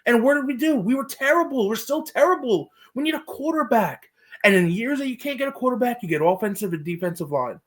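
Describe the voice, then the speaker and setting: A podcast co-host, a man, in full rant mode, swearing hard and hammering his points. His voice jumps up and down in pitch as he gets worked up, and he talks in loose, casual banter. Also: expressive, fairly quick, fairly bright tone. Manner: ranting, profane, emphatic.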